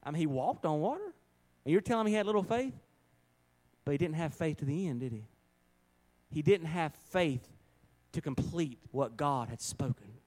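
A man's voice: fairly high pitch, animated, normal speed, a little mellow. A man preaching a sermon, telling stories in an emphatic, folksy way and repeating phrases for stress.

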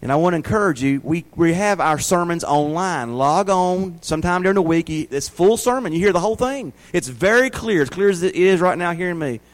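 A man in his forties preaches with a Southern US accent and a noticeably high voice for a man. He talks in a folksy, down-home way and keeps throwing rhetorical questions at his congregation. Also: animated, fairly quick, hardly any pauses, poor audio. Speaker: pastor. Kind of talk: sermon.

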